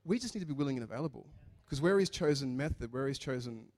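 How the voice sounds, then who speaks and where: A man's voice: mid-range voice, quick pace. A man preaching a sermon in a chatty, joking way, acting out the people in his stories. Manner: animated, chatty, jokes and acts out quotes. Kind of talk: sermon with storytelling.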